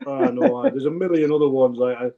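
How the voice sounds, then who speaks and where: Ex-footballer guest, 40s, North East English accent, relaxed rambling storyteller. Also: male voice, fairly high pitch, fast talker, gravelly, lo-fi sound, over a noisy crowd. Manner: rambling anecdotal storyteller, many restarts. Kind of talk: casual interview chat.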